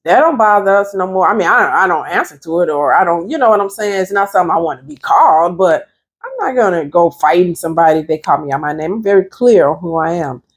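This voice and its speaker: Fast and expressive, with a voice on the low side, a woman therapist and life coach chats emphatically through a motivational vlog. She speaks directly to viewers, calling them "you all."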